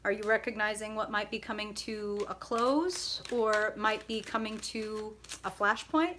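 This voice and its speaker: A woman's voice: medium pitch, a little slow, few pauses, fairly bright tone, slight background noise. A woman hosting a live tarot stream, bubbly and chatty, greeting viewers by name and laughing often.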